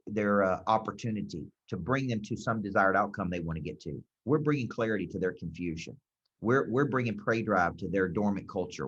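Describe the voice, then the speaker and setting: A man's voice: fairly low pitch, fairly bright tone, slightly rough. A man giving emphatic sales coaching advice, repeating key phrases for punch. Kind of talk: motivational coaching talk. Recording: dull lo-fi recording.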